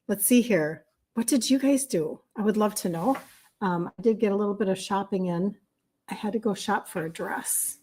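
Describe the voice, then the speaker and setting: A middle-aged woman with a Minnesota accent hosts a relaxed livestream. She talks to her viewers in a chatty way, greets them by name, and laughs often. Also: mid-range voice. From Minnesota, USA. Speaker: health coach hosting a livestream. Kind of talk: casual livestream chat with viewers.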